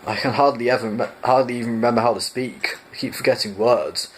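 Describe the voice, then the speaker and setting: A man's voice: mid-range voice, fast, a little hiss or hum, natural voice, low-quality recording. A man voicing a lonely, bewildered castaway who talks hesitantly and rambles, as in a fan audiobook reading. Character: bewildered lonely Englishman, long marooned.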